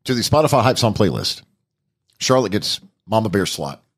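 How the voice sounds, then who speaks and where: Middle-aged guy hosting a chatty podcast, low husky voice, jokey and animated. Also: moderate pace. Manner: animated, jokey, rising to mock-outrage. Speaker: podcast host. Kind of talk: casual podcast chat.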